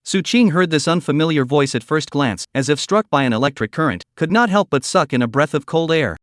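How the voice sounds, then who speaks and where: A text-to-speech male voice narrating a story recap with an even, machine-like reading. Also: a little high, brisk, no room sound, studio quality.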